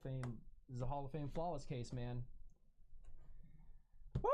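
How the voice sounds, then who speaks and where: A woman's voice: low-pitched, big pitch swings, unhurried, long pauses. A woman hosting a live card-break stream, exclaiming and counting out details of each card.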